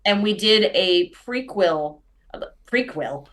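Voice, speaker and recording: A woman's voice: medium pitch, animated, takes it slowly, a bit bright. Chatty woman at a game table. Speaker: player. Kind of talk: casual chat during a tabletop game.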